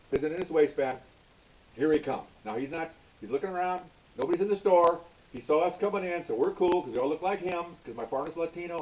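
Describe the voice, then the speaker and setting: A retired police officer in his sixties tells a story with lively energy, full of restarts and "okay?" tags. His voice sits a bit high for a man. The recording is dull and set slightly back from the mic. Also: distant mic. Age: 60s.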